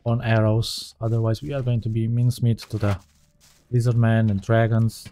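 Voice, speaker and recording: A man's voice: fairly low pitch, level tone, moderate pace, dark tone, slight background noise. A man giving casual let's-play commentary as he plays, thinking aloud and often correcting himself mid-sentence. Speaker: gaming channel host.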